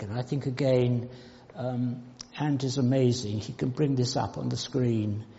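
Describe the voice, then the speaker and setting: Male preacher, unhurried, gravelly voice, long hall reverb, dull muffled recording. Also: mid-range voice. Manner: slow, emphatic, with sudden loud outbursts and hushed asides. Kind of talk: sermon. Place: church hall.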